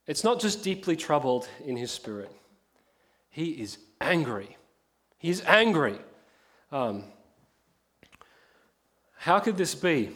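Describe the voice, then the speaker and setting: A male preacher with a notably high voice delivers a sermon. He talks with passion, sinking to a hush and then building to emphatic force. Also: sing-song, slow, pauses often. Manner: impassioned, swings from hushed to emphatic.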